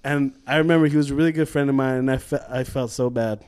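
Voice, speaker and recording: A young man co-hosting a casual podcast, telling stories in an animated, laughing way with plenty of swearing. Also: mid-range voice, quick pace, smooth. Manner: animated storyteller, laughs often, swears freely. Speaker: podcast co-host. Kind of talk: casual chat.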